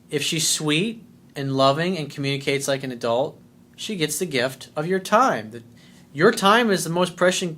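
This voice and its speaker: A man's voice: fairly high pitch, fairly bright tone. A man coaching a viewer through a family breakup, talking bluntly and with swearing, often acting out what to say. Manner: blunt and profane, acts out dialogue. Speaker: life coach. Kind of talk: answering a viewer's letter.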